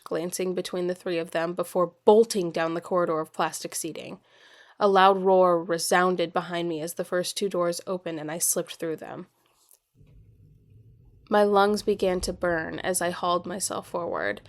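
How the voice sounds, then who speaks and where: A woman reading a first-person story aloud in a steady, expressive storytelling manner. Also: fairly low pitch. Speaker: storyteller and author.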